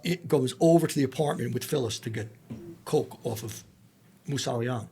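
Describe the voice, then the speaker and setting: A man's voice: medium pitch, normal speed, darkish tone, husky. A man, a former federal agent, telling blunt and profane stories full of quoted dialogue as a podcast guest. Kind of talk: storytelling in a casual interview.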